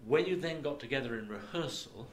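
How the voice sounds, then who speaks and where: A man moderating a panel discussion, asking questions in a hesitant, halting way. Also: medium pitch, lively intonation, slight background noise. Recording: echoey hall, faint ambience.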